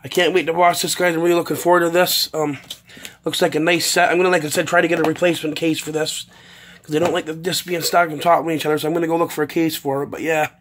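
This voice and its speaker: A man's voice: fairly high pitch, level tone, quick pace, a bit bright. A man from Canada in a casual unboxing vlog, reading out a long list with many ums. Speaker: vlogger.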